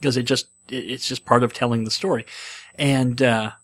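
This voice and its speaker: A man's voice: mid-range voice, steady tone, moderate pace, fairly bright tone. A man in his forties telling a long, digressive personal story in a casual, rambling way.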